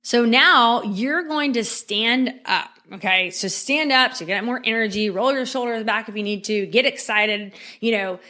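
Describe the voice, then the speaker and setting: A woman's voice: fairly high pitch, measured pace, few pauses, sharp tone. A woman hosting a podcast, giving upbeat motivational coaching and talking straight to the listener, checking in with a frequent "okay?". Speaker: podcast host.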